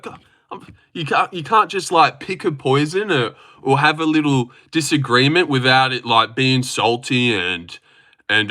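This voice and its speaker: A man's voice: fairly high pitch, expressive, normal speed, pushed and bright. A young man rambling casually on a live stream, reading chat aloud and teasing viewers. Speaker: livestreamer.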